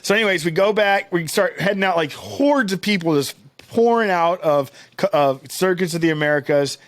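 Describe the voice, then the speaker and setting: Male co-host, 30s, high pitch, dry room, loose profane storyteller. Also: normal speed, no room sound. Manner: rambling, profane, lots of fillers. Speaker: podcast co-host. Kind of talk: casual storytelling chat.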